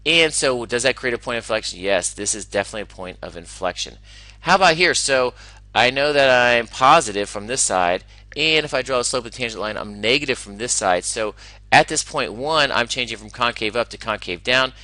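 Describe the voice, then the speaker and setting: Guy teaching calc, excited, thinks out loud, bright tense voice, dead dry sound. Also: mid-range voice, a little fast, dry recording, low-quality recording. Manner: enthusiastic, talks himself through problems with asides. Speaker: math teacher. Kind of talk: recorded classroom lesson.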